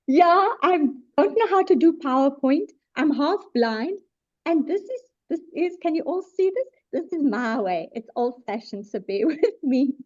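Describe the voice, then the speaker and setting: Middle-aged woman, psychologist running a webinar, warm and lively delivery, muffled lo-fi sound. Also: fairly high pitch. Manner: animated, emphatic, self-deprecating asides. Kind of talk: webinar talk. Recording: dull lo-fi webinar audio.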